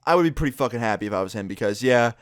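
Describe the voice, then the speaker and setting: A man's voice: mid-range voice, animated, very fast, clear, resonant tone, dry recording, studio quality. A young man recounting a prank story in a casual vlog, laid-back, swearing freely and laughing as he goes. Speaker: YouTuber.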